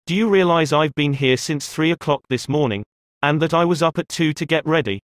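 A man's voice: a little high, brisk, no room sound, studio quality, natural voice. A man reading a worn-out, bitter baker woman. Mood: exhausted. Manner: emphatic, venting. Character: exhausted woman pie-shop owner, bitter and desperate.

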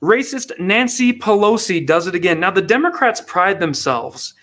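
A man's voice: high-pitched, lively intonation, normal speed, a bit bright. A man hosting satirical political commentary in a mocking, sarcastic way. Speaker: comedy host.

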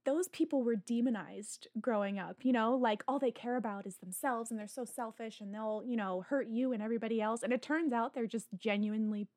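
A woman's voice: fairly high pitch, a little fast, hardly any pauses, darkish tone, no room sound, clean studio sound. A woman co-hosting a podcast, chatting casually and enthusiastically about a film, laughing easily and trailing off mid-thought. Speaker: podcast co-host. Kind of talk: casual film review chat.

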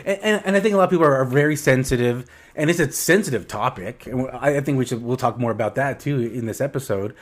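A man's voice: medium pitch, fast talker, hardly any pauses. A man in a casual podcast conversation, with an ordinary mid-range voice. He talks emphatically, often stumbling over and repeating his opening words before making his point. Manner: emphatic, repeats words when starting a thought. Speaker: podcast co-host.

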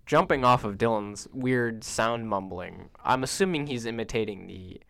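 A man's voice: on the low side, moderate pace, vocal fry, a bit bright, no room sound, clean studio sound. A young man co-hosting a casual podcast, wry and explanatory as he talks. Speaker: podcast co-host. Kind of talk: casual chat.

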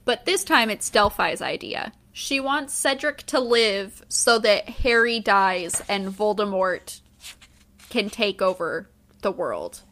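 Bright-voiced woman recapping a book. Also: medium pitch. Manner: animated retelling with quick character voices. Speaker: podcast co-host. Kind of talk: casual book discussion.

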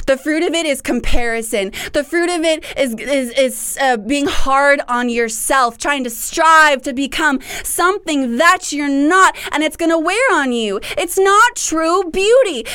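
A woman's voice: high voice, fairly bright tone, dry recording. A young woman hosting a faith podcast, talking in an earnest, preachy way and often restarting her sentences. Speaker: podcast host.

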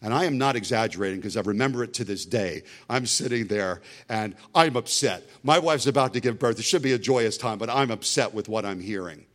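A man's voice: lowish voice, animated, a little fast, hardly any pauses, fairly bright tone. A middle-aged man preaching a sermon as a pastor, emphatic and full of storytelling asides.

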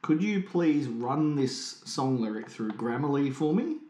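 Man, podcast co-host, jokey, lively pitch, roomy recording. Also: measured pace. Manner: playful, jokey. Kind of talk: casual chat.

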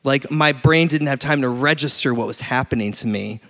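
A man in his late thirties preaching a sermon in a church, telling stories with lively energy and laughing often. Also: mid-range voice, moderate pace. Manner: animated storytelling, laughs often. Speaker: pastor. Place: church hall. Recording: long hall reverb.

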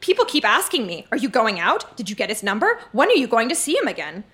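A woman stands at a stage mic reading her teenage diary to a live audience. Her voice is bright and sits a little high, and she leans into the melodrama with gushing, comic timing. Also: huge pitch swings, fast. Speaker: live show reader. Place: stage before a laughing audience.

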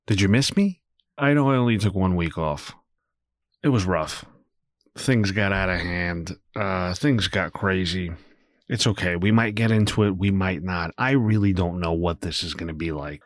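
A young man hosting a solo podcast, talking candidly and rambling, swearing freely as he swings between low muttering and animated bursts. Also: normal speed, no room sound, studio quality. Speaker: podcast host.

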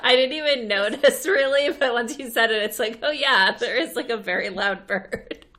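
A woman hosting a casual interview chat, giving relaxed, encouraging replies. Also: fairly high pitch, moderate pace. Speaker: host.

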